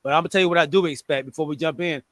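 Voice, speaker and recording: A man hosting a casual sports podcast, greeting listeners with energetic shout-outs. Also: on the high side, very fast, dry recording. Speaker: podcast host.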